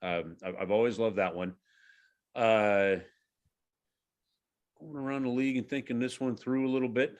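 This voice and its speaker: A man in his forties, a hockey radio broadcaster, telling a story on a casual podcast with lively, halting restarts. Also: mid-range voice, highs cut off.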